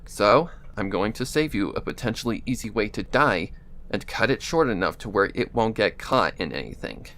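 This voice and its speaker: A man's voice: on the low side, very animated, normal speed, a bit bright, slight background noise. Man putting on a nasal female pony mentor. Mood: firm, warning. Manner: firm, urgent warnings.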